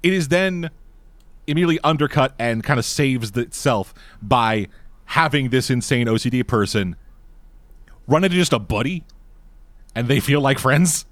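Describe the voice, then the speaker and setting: A man tears into a film in casual podcast chat, cursing freely and speaking bluntly. His pitch swings widely as he talks, and the sound is close and dry with no room around it. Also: normal speed, pauses often, no room sound. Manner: profane, blunt, animated. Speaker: podcast co-host. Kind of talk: casual movie review chat.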